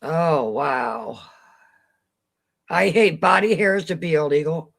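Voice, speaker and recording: Slow-talking, giggly Midwestern woman. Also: low-pitched, expressive, creaky. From Midwestern United States. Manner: giggly, breaks into laughter often. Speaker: co-host of a live chat stream. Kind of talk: casual late-night chat.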